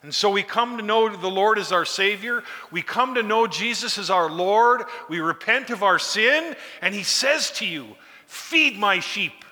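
A man's voice: high-pitched, animated, normal speed, hardly any pauses, sharp tone. A man preaching a sermon, urging his listeners on with emphatic, repeated calls. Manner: emphatic, repetitive exhortation. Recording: long hall reverb.

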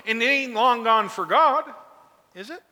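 A man's voice: very high voice, expressive, a little slow, bright, forceful tone. A man preaching a sermon, urging his listeners on with emphatic, repeated calls. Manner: emphatic, repetitive exhortation. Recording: long hall reverb.

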